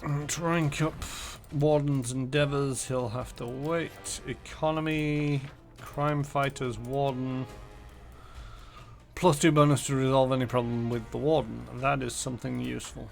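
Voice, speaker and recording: A man's voice: mid-range voice, fairly even intonation, measured pace, vocal fry, faint music behind. A man streaming a game, muttering casually through menus and numbers. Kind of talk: casual gameplay commentary.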